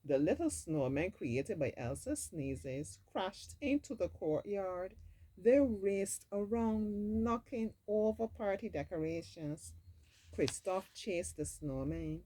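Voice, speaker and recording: A woman's voice: mid-range voice, lively intonation, slow, warm tone, low-quality recording. A woman reading a storybook aloud expressively, dropping in casual asides of her own. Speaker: storybook reader.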